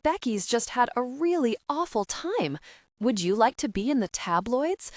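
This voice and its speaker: A woman voicing an excitable, indignant young woman friend in an audiobook. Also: a little high, normal speed, dry recording, studio quality, voice pushed up, natural voice. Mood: eager, indignant. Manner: eager, indignant.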